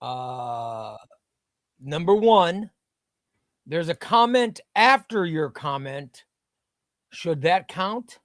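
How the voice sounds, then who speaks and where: A man hosting a casual comic book livestream, excitable and self-deprecating as he fumbles with the setup. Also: fairly high pitch, extremely slow, long pauses, no echo, clean studio sound. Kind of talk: casual live stream chat.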